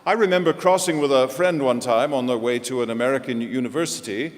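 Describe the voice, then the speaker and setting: A man's voice: mid-range voice, a little fast. A male pastor preaching a sermon, telling stories with self-deprecating humor. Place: large church. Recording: echoey church hall.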